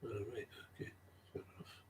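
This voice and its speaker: There's a little hiss or hum behind this man's darkish voice, which moves at a moderate pace. Without a script, he tells recovery-work stories, becoming agitated and saying his key lines again and again.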